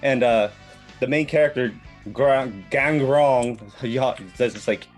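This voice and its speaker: A man's voice: medium pitch, measured pace, soft background music. Profane, rambling man recapping a manga. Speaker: podcast host presenting a manga. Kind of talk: casual chat.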